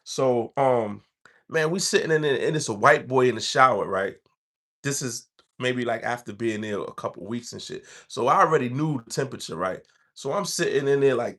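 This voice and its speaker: A man's voice: mid-range voice, normal speed, a bit bright. A man, telling his own story in loose street slang. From New York. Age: 40s. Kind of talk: casual storytelling.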